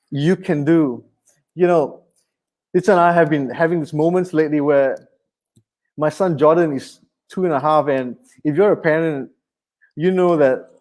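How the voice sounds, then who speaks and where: High-voiced pastor. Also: male voice. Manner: animated, conversational preaching with humor. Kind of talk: sermon.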